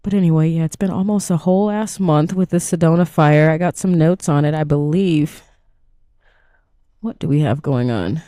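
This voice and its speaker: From inside her van, a woman hosts a casual solo podcast, rambling loosely and swearing freely in a groggy morning voice, short on sleep. Her voice is low and warm at a normal speed, captured with clean studio sound and no room noise.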